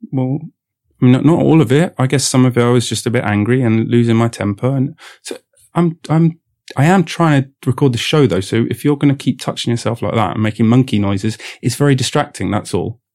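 A man's voice: mid-range voice, fairly quick, a little mellow. A man in a comedy sketch who sounds fed up and sarcastic. He rambles, stammers and restarts as his complaints pile up. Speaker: podcast host in a sketch.

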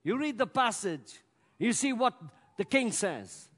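A man preaching a sermon with emphatic delivery that swells to loud peaks. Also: very high-pitched, very animated, unhurried. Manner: emphatic, rising to loud peaks, acts out scripture voices. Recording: long hall reverb.

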